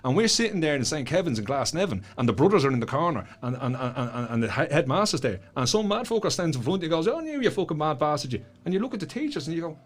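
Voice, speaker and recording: Husky, blunt Dublin man. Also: on the high side, rapid-fire, few pauses. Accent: Dublin Irish. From Ireland. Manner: blunt, swears a lot, animated storytelling. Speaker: guest author and school speaker. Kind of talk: casual podcast chat. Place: studio.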